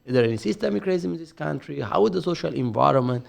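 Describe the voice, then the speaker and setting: A middle-aged man on a podcast, speaking earnestly with many repeated words and halting restarts. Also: on the high side, animated, creaky. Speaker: podcast co-host. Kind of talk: casual podcast discussion.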